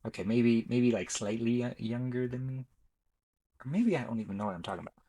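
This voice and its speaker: A young YouTuber ranks films on his channel in chatty, rambling casual commentary, frequently correcting himself mid-sentence. His mellow, medium-pitched voice moves fairly quickly, and the recording is low quality.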